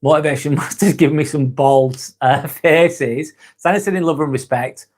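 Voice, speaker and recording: A man's voice: a little high, normal speed, a little mellow. A man hosting a casual live-stream chat, reading viewer comments aloud and answering them in a blunt, frank way with constant swearing.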